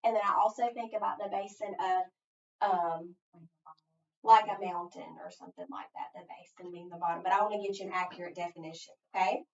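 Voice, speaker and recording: A woman's voice: on the low side, steady tone, a little fast, gravelly. Patient woman teacher, echoey distant room. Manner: patient, prompts listeners to finish her sentences; thinks aloud step by step. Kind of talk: phonics lesson. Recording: echoey, distant, dull sound.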